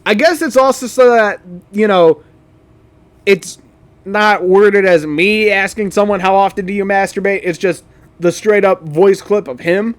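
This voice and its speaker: A high-pitched man talks loosely over his own old video, with plenty of "um"s and "like"s. He laughs easily, swears without a second thought, and sounds like a casual reaction creator. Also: measured pace. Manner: laughs often, swears casually, rambling fillers.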